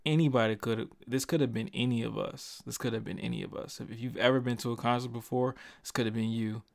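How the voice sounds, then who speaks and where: A man's voice: mid-range voice, steady tone, gravelly, no room sound, clean studio sound. A young man giving his earnest, passionate views in a commentary vlog, stumbling and restarting often and swearing casually. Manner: earnest, halting, frequent restarts and stutters. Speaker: YouTuber. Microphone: desk microphone.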